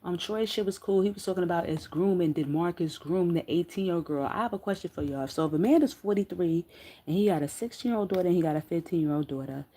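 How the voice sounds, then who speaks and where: A middle-aged woman giving casual, profane commentary as a streamer, loud and laughing, full of slang as she tells stories. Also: lowish voice, fast talker. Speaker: streamer commenting on street interview channels.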